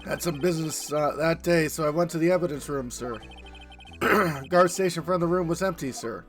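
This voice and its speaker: A man voicing a jittery, overeager young male patrol officer who loudly ends every sentence with "sir". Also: a little high, fairly quick, soft background music, close to an everyday voice. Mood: nervous, eager. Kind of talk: voicing a game character in a playthrough.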